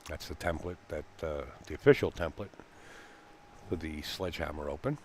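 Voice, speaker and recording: A man with a low, deep voice calls a live pool match in a relaxed, folksy way. He rambles between shots and fills the gaps with uhs. A faint hum sits under his voice. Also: normal speed. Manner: chatty, folksy, laughs easily, frequent fillers. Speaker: pool commentator. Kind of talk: live sports commentary. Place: pool hall commentary booth.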